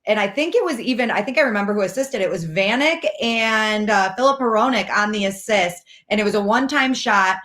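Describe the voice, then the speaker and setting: A woman's voice: mid-range voice, lively intonation, fairly quick, hardly any pauses, fairly bright tone. A woman on a sports talk show, chatting eagerly and a little tentatively about a memory. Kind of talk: casual chat.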